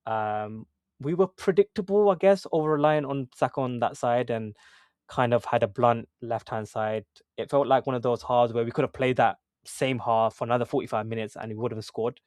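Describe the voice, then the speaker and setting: A man's voice: mid-range voice, moderate pace, a little mellow, clean tone, no echo, studio quality. A young man co-hosting a football podcast, talking casually with lots of fillers and restarts. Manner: conversational, many fillers and restarts. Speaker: podcast co-host.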